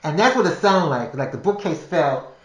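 A man's voice: fairly high pitch, expressive, normal speed, a bit bright. An older man telling a personal story casually, rambling with restarts and repeated words. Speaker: podcast storyteller. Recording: roomy echo.

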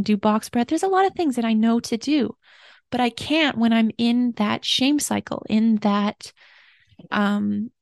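A woman hosts her own podcast, speaking in an earnest, gentle and openly confessional way. Her voice sits at an ordinary middle pitch. The sound is dry and close, without room echo. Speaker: podcast host. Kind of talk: personal reflective monologue.

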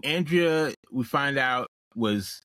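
Animated and fairly bright in tone, a man with a mid-range voice hosts a podcast about films, steering the casual discussion with questions and many restarts. The audio is dry and studio quality.

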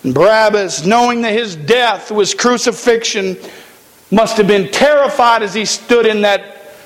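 A man preaching a sermon in a church, slow and emphatic with dramatic pauses. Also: sits high, big-room sound. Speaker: pastor.

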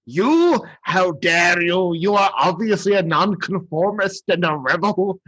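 A man's voice: sits high, animated, unhurried, dull audio, noisy background, pitched above the performer's own voice. A man voicing a pompous, furious male cartoon villain who rules a town, playing him over the top. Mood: blustering. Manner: over-the-top shouting tyrant.

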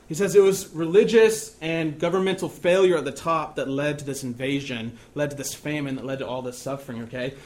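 A man's voice: fairly high pitch, steady tone, a little fast, hardly any pauses, darkish tone. A young man preaching a sermon in a conversational, self-deprecating storytelling way.

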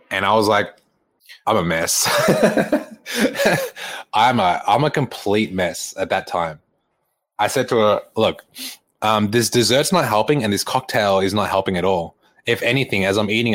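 A young man, a fitness coach, tells a personal story in a relaxed, chatty way. His voice sits a little low, and he slips into the voices of the people he quotes and breaks into laughter now and then. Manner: animated retelling, acts out quoted dialogue, laughs often. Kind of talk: casual storytelling.

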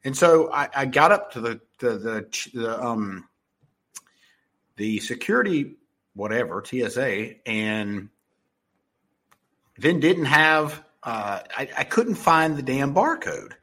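A husky-voiced man tells a rambling story in a casual, profane monologue. His pitch swings widely as he talks, and he trips over restarts and fillers constantly. He sounds like a host talking straight to his listeners. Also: big pitch swings, measured pace, long pauses, pushed and bright.

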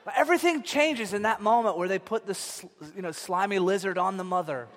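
A man in his thirties preaching a sermon, telling stories in an animated way that swings from loud to hushed. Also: sits high, brisk. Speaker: pastor. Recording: long reverb of a large hall.

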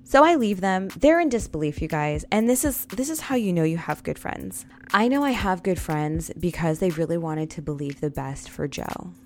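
A woman's voice: deep voice, moderate pace, few pauses, a little mellow, slight background noise. A woman in her thirties telling viewers a personal story in a casual, confessional way, often calling out to them and repeating lines for emphasis.

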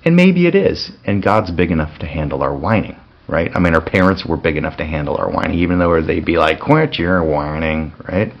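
A man giving an unscripted, conversational devotional talk as a pastor, full of asides and fillers and slowing to read scripture. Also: deep voice, lively intonation, lo-fi sound. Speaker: podcast host, pastor.

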